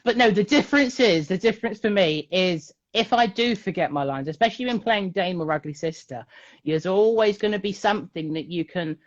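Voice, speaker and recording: Animated, jokey man on a live chat. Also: high voice, a little fast, dull audio. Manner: chatty, jokey and animated, breaks into voices. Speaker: guest, magician and puppeteer. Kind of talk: casual chat on a live stream.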